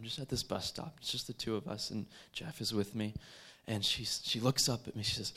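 Earnest man, low-pitched, halting testimony with fillers and restarts. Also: steady tone, a bit bright. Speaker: street evangelist. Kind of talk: personal testimony.

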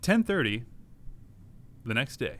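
A man's voice: medium pitch, very animated, slow, fairly bright tone. A man co-hosting a podcast, telling a story in casual, joking chat and laughing often. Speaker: podcast co-host.

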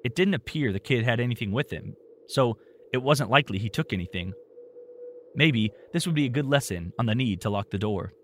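Male narrator, mid-pitched, steady storytelling, slight background noise. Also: a little fast.

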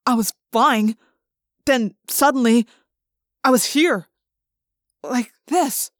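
A woman voicing a shy, unsure teenage boy who speaks softly and hesitantly in an audiobook. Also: fairly high pitch, slow, no room sound, clean studio sound. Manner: soft, hesitant. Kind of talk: audiobook character voice.

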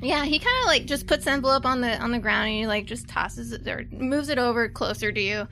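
A woman running a tabletop horror game as game master, relaxed and jokey. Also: fairly high pitch, brisk, soft background music.

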